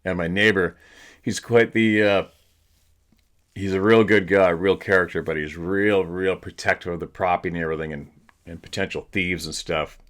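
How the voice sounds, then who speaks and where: Man, very low voice, casual host, laughs a lot, swears freely. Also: steady tone, normal speed, a bit bright. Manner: laid-back storyteller, swears freely, laughs often. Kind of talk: casual chat. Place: at home. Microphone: laptop camera.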